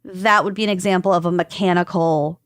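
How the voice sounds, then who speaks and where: A woman's voice: fairly low pitch, fairly even intonation, a little fast, dry recording, clean studio sound. A woman co-hosting a podcast, explaining research notes in a loose, joking way, full of "like" fillers. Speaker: podcast co-host.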